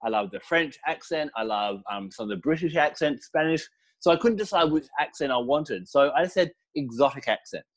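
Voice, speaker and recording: A middle-aged man giving a casual interview, explaining crystal practices with relaxed storytelling and fillers. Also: on the high side, normal speed. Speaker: crystal and essential oil teacher, guest.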